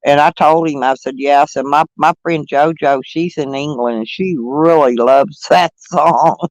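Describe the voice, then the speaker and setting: At a measured pace, a middle-aged man in a high, light voice keeps up a rambling, chatty livestream conversation with viewers, switching topics freely. Laughter and fillers pepper his loose speech, captured dry and close without any room echo.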